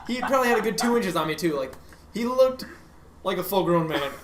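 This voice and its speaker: A young man with a slightly high voice rambles through a story on a casual podcast, stacking fillers and restarts and laughing at his own tale. He sounds like he is in an echoey room with a faint hiss underneath. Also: lively intonation, fairly quick. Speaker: podcast co-host.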